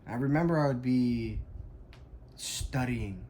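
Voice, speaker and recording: A man's voice: medium pitch, takes it slowly, mellow, slight background noise. A young adult man, a fitness coach, tells a story in a casual vlog, emphatic and frank, with lots of "like".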